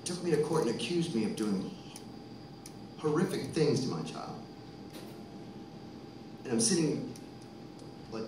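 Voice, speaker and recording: Between songs at a live show, a Texas man in his thirties spins out a long, meandering tale full of swearing and works himself up. His medium-pitched voice is lively in intonation, delivered at normal speed with long pauses, amid background noise. The stage-mic audio comes from far off and echoes around the concert venue.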